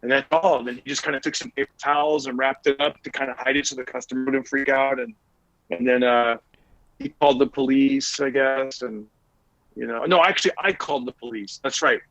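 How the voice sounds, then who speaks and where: A man's voice: mid-range voice, brisk, dry recording, poor audio. A man in his forties, a podcast host, telling a casual story with lots of fillers and restarts. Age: 40s. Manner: rambling, animated anecdote with many fillers.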